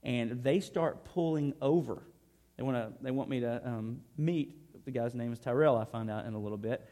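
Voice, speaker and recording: A man's voice: medium pitch, normal speed, dark tone. A man, preaching a conversational, earnest sermon built on personal stories. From Arkansas. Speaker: pastor. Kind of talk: storytelling sermon.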